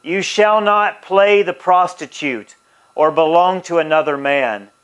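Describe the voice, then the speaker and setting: Slow, emphatic male preacher. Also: a little high, fairly bright tone, clear, resonant tone. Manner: reads scripture aloud with emphatic, drawn-out phrases. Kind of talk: sermon.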